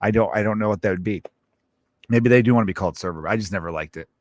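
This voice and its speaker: A man's voice: lowish voice, rapid-fire, dry recording. A man hosting his own comedy podcast, ranting casually with lots of swearing and rambling asides. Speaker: podcast host.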